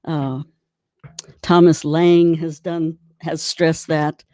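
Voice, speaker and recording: A woman's voice: low-pitched, level tone, very slow, dark tone, dry recording, clean studio sound. A woman giving an online drum clinic, chatty and encouraging while she demonstrates rudiments. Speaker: drum instructor.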